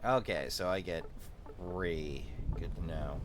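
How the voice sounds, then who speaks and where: A man's voice: deep voice, slow, background noise. Man muttering through gameplay commentary. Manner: quiet muttered asides while reading menus. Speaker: let's play host.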